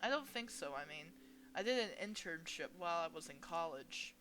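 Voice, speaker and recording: A young woman reading a visual novel aloud as a gaming host, expressive and playful as she voices each character. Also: on the low side, normal speed. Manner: expressive, reads each character's lines with shifting energy.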